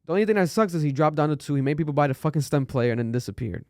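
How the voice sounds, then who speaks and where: A man talks loosely on a podcast, heavy with fillers and the odd curse. His voice sounds smooth and clear, picked up dry and close on a studio mic. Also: fairly high pitch, expressive, rapid-fire, a little mellow, no echo. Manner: loose and chatty, curses often, many fillers. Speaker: podcast host. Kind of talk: casual podcast chat.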